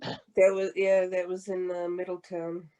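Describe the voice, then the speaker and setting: A woman's voice: on the low side, level tone, unhurried, mellow. A woman hosting an interview who speaks in an enthusiastic, encouraging way. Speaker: interview host. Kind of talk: casual interview talk.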